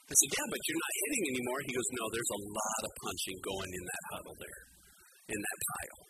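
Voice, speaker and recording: Animated male pastor preaching a sermon. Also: on the low side, quick pace, very noisy. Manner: animated storytelling, acts out quoted voices.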